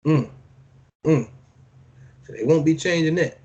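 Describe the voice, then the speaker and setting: A man preaching a sermon, reading verses slowly and solemnly, then commenting in loose, slangy everyday speech and repeating phrases for emphasis. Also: fairly high pitch, a little mellow, lo-fi sound.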